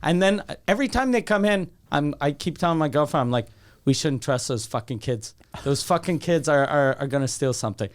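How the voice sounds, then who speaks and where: A man's voice: fairly high pitch, expressive, a little fast. Rambling, profane storyteller man. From Canada. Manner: rambling, profane, acts out quotes. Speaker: podcast host. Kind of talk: casual comedic storytelling.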